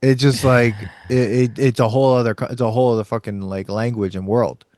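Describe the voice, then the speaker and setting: A man's voice: medium pitch, flat delivery, quick pace, a little mellow, dry recording, clean studio sound. A man from Long Island with a Long Island New York accent, co-hosting a podcast in casual chat, laughing often and saying "like" a lot. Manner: chatty, laughs often, lots of "like" and "you know". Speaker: podcast co-host.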